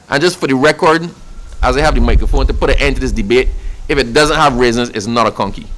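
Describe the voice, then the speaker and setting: A man's voice: medium pitch, fast talker, a bit bright. A man from Barbados with a Barbadian accent, answering an interviewer in a passionate, emphatic way and repeating phrases for effect. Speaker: official speaking about national celebrations.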